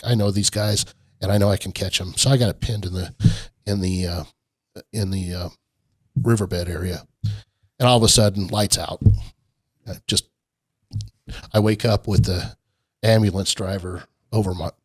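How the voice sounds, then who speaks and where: A middle-aged man who owns an off-road park is a guest on a casual podcast interview, telling a long, rambling story and laughing often. His voice is on the low side, with no room sound.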